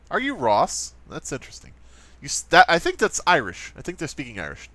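A man's voice: fairly high pitch, huge pitch swings, brisk, bright, forceful tone, dry recording. A man doing playful, sarcastic let's play commentary while playing and talking straight to his viewers. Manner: sarcastic, jokey, talks to viewers. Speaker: gaming commentator.

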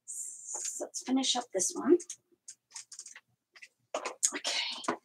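A woman with background noise behind her hosts a crafting livestream, drawing out her words. She stamps while chatting casually to herself and her live chat, tossing in playful, made-up sing-song bits.

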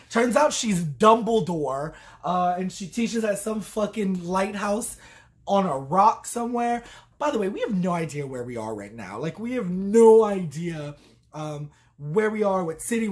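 A tipsy woman rambles through a comic review, her voice bouncing up and down constantly. She swears freely and acts out little quotes as she goes. Her pitch sits in the middle of the range. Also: expressive, moderate pace. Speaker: vlogger.

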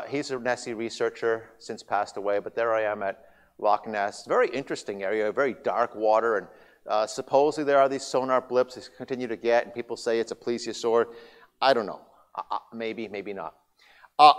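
Casting: male guest speaker, animated storyteller, mid-pitched voice, long echo of a big hall. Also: clear, resonant tone. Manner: lively storyteller, grows loud and excited in anecdotes. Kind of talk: church seminar talk.

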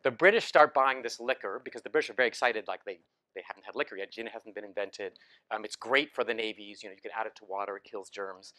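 Bright-voiced man giving a lecture. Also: fairly low pitch, fast talker. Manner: casual storytelling with many fillers and restarts. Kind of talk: academic talk with slides. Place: lecture hall.

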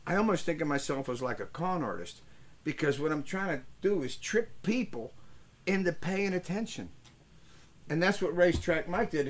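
An older man hosting a casual show, telling rambling stories and breaking into loud voices for the people in them. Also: a little high. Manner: rambling, animated storyteller, swings into loud character voices. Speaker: host. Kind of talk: casual storytelling chat.

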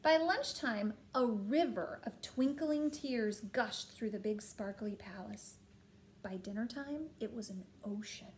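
A woman reading a children's picture book aloud to a child, gently stopping to point at pictures and ask questions. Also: mid-range voice, measured pace, a little hiss or hum.

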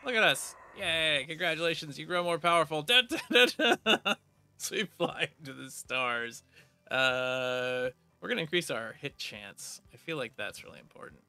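Playful gravelly gamer guy. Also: fairly high pitch, expressive, moderate pace, bright, forceful tone, faint music behind. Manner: playful, reads game text aloud with jokey asides. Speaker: gaming video creator. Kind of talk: casual let's play commentary.

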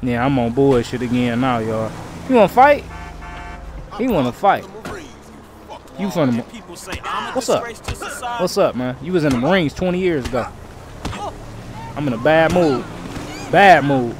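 A man streaming a crime roleplay game, talking in character to his viewers in heavy slang and frequent swearing, swinging between low grumbles and loud outbursts. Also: normal speed, pauses often. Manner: slangy, swears a lot, keeps calling out to viewers.

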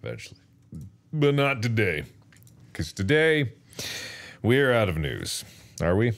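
A man co-hosting a streamed podcast, talking casually in a relaxed way and trailing off low and quiet. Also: slow pace. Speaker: podcast co-host. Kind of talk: casual chat.

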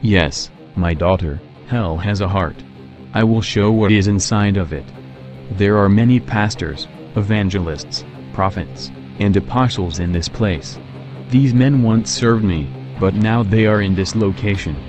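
A man voicing Jesus as a calm, fatherly guide, speaking gently and solemnly in a scripted reading. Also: lowish voice, a little slow, over music, close to an everyday voice.

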